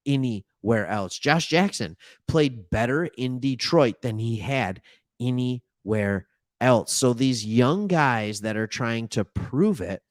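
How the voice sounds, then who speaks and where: A man hosts a casual sports talk show in an easy, rambling way. He corrects himself often and throws in animated asides. His voice sits at a middle pitch and is recorded dry and close. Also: dry recording. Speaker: sports podcast host.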